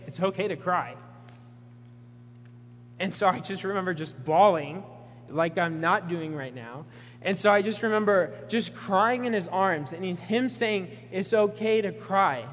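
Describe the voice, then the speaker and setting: A man's voice: high voice, fairly bright tone, long reverb tail, slight background noise. A young man preaching a sermon, telling a personal story in an earnest way with many fillers. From Pacific Northwest US.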